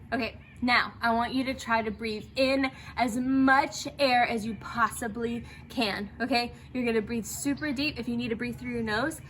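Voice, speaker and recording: This woman's voice runs high and a bit bright, with a faint hiss or hum behind it. She leads theatre students in breathing exercises, encouraging them and frequently asking "okay?"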